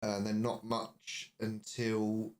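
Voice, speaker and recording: A man's voice: lowish voice, completely flat delivery, slow pace. A man co-hosting a podcast, recounting race events in a brief, matter-of-fact way. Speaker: podcast co-host. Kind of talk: casual race recap chat.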